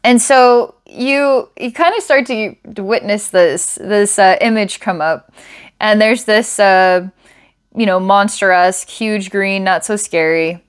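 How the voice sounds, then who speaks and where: A woman's voice: medium pitch, slow pace, clear, resonant tone. A young adult woman, a psychic reader, talking casually and thinking aloud as she gives an online reading. She is enthusiastic and laughs often.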